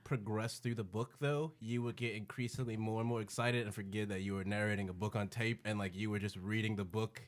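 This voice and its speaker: A man's voice: fairly low pitch, fairly even intonation, brisk, hardly any pauses. A man co-hosting a podcast, teasing and theatrical, slipping into comic voices. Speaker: podcast co-host. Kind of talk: comedic banter.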